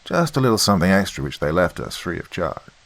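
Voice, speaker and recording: A relaxed, friendly male military officer chats with his team, as a deep-voiced man reads his lines. The voice sits extremely low. It belongs to a horror story reading. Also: fast, vocal fry, no echo, exaggerated voice.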